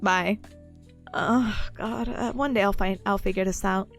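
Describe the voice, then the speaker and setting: A woman's voice: medium pitch, steady tone, measured pace, soft background music. A young woman streaming casually, playful and giggly, mocking herself as she chats to her viewers. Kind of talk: casual live-stream chat.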